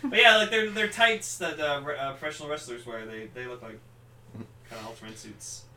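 A young man with a bright, forceful voice, sitting a little back from the mic in an echoey room. He talks casually with lots of fillers and gets excitable, acting out lines as he retells a story. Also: on the high side, fairly quick, recorded from a distance, slight background noise. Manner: excitable, lots of fillers, acts out quotes loudly. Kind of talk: casual podcast chat.

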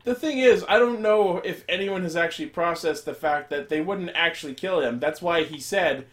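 Lively, chatty young-sounding man. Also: a little high, normal speed, hardly any pauses. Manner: rambling, profane, animated retelling with quoted voices. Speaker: podcast host recapping an episode. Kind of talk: casual chat.

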